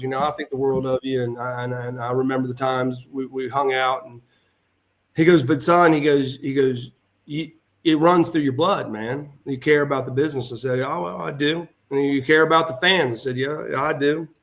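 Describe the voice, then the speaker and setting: A middle-aged man, a former pro wrestler guesting on a podcast, telling a long heartfelt story with plenty of restarts and acted-out dialogue. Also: medium pitch. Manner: rambling anecdotes with frequent restarts and retold dialogue; animated, heartfelt delivery. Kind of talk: casual storytelling in a podcast interview.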